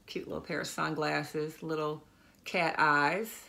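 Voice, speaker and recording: A woman's voice: sits low, steady tone, a little slow, creaky, background noise. A middle-aged woman chatting casually to her viewers about a shopping haul, enthusiastic and talkative, calling them y'all and guys. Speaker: fashion vlogger. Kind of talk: casual haul video chat.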